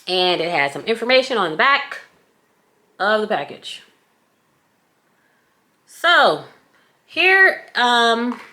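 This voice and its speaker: Her mid-range voice is bright and forceful as this scrunchie shop owner, Southern US accent and all, chats playfully through a casual product review on her vlog. She drops in little sing-song moments along the way.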